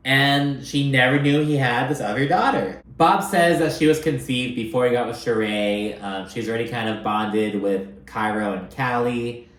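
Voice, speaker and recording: A man hosts a casual reality TV recap, talking in a loose, animated and profane way. His voice sits at a middling pitch. The recording carries a noticeable room echo. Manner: profane, animated, chatty, often acts out quotes. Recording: echoey room.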